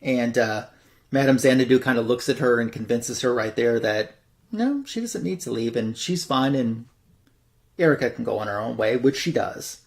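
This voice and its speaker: A man's voice: mid-range voice, expressive, normal speed, creaky. A man hosting a comic book show, casually retelling a story in a loose, rambling way full of fillers. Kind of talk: casual plot recap.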